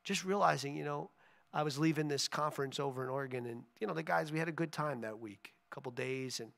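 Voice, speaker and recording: A man's voice: a little high, fast talker, a bit bright. A male pastor giving an informal sermon that turns into a prayer, rambling and folksy with many asides, then praying earnestly and repeating "Lord". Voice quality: gravelly.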